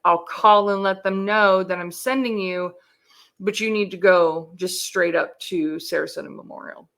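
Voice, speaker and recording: A woman's voice: fairly low pitch, vocal fry, a bit bright. A woman in her forties telling a personal story candidly on a video call, swearing freely and acting out the dialogue. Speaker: interview guest.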